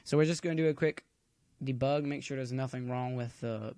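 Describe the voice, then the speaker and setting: A man's voice: medium pitch, steady tone, fairly quick, a little mellow, no room sound. A man giving a casual coding tutorial at home, chatty and rambling, filling the waits with corny jokes. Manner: chatty, cracks corny jokes while waiting. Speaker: tutorial maker.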